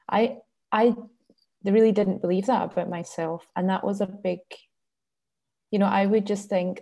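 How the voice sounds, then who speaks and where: A woman's voice: medium pitch, fairly even intonation, a little slow, gravelly, long pauses, dark tone. A woman student sharing her own experience in a reflective, somewhat hesitant way. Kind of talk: personal sharing.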